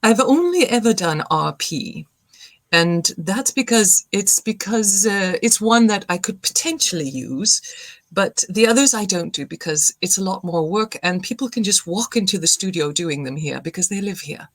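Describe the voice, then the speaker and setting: A woman, chatting as a guest in a relaxed interview, lively and laughing often. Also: mid-range voice, normal speed, dry recording. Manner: lively, laughing, animated storyteller. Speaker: guest, singer and voice actor. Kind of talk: casual video-call chat.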